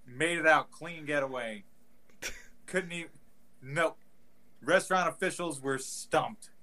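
A man's voice: a little high, unhurried, bright, forceful tone, a little hiss or hum. A man co-hosting a casual comedy podcast, riffing on the stories with jokey voices and laughs. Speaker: podcast co-host.

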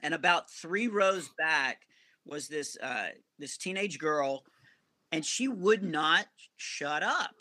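Sharp-voiced man telling comedy stories. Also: fairly high pitch, takes it slowly. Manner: animated, rambling anecdotes with self-corrections. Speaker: comedian guest. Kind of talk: storytelling podcast interview.

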